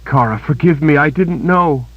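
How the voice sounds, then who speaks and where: A man's voice: fairly high pitch, moderate pace, dry recording, pitched above the performer's own voice, natural voice. A man voicing a desperate young woman tied up, pleading urgently through tears. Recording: dull lo-fi cassette recording.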